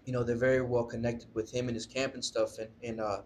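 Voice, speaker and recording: A man's voice: mid-range voice, level tone, fast, darkish tone, slight background noise. A young man, a musician guest telling a story in a casual interview, rambling with lots of fillers and swearing. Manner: rambling, profane, filler-heavy.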